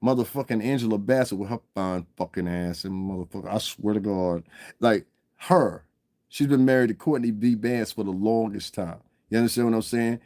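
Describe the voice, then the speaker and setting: A man's voice: on the low side, a little fast, a little mellow, no echo, clean studio sound. A man ranting on a casual livestream, profane and rambling, constantly asking if you understand and laughing at his own stories. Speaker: livestream commentator.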